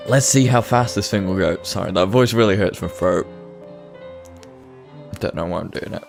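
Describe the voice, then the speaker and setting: A man's voice: low-pitched, moderate pace, gravelly, soft background music. A man giving casual, joking, rambling commentary while playing a video game. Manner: joking, rambling, self-deprecating. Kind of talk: casual let's-play commentary.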